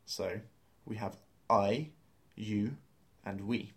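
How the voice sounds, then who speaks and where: A man's voice: on the low side, extremely slow. A man teaching a beginner language lesson, explaining grammar step by step and spelling out words letter by letter.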